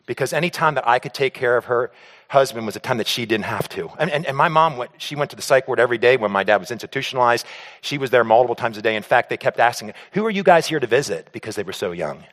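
A man telling a personal story to an audience on stage in an animated way, acting out scenes and often stammering and repeating words. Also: mid-range voice, fast talker. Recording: long hall reverb.

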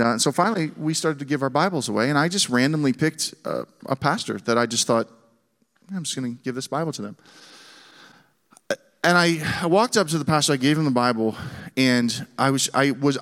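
Middle-aged man, guest preacher, animated storytelling with restarts, long hall reverb. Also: brisk. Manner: animated, frequent restarts, voice jumps higher when excited. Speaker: guest speaker. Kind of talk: sermon storytelling.

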